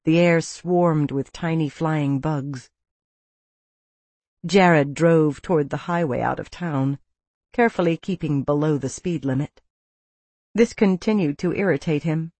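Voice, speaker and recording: Woman, audiobook narrator, gentle and thoughtful, lowish voice, dry close mic. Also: unhurried, no echo. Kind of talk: first-person audiobook narration.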